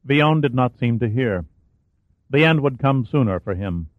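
A man narrating a thriller audiobook in a steady, dramatic storytelling voice. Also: mid-range voice, moderate pace, no echo. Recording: dry, tinny phone-like sound.

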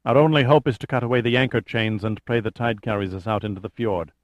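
A man's voice: fairly low pitch, steady tone, fast talker, no echo, lightly acted. A man voicing a stiff, impatient male cruise ship captain under strain.

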